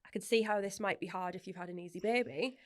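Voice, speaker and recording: A woman's voice: medium pitch, quick pace. A woman, talking openly and chattily as a podcast guest, laughing often and swearing casually. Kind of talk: candid personal interview.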